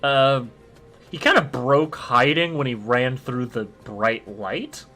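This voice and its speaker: A young man acting as dungeon master, narrating combat in a relaxed way with plenty of filler sounds, recorded on a home mic over a voice call. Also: medium pitch, slow pace, faint music behind. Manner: easygoing, many "uh" fillers, vivid combat narration. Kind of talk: narrating a tabletop game online.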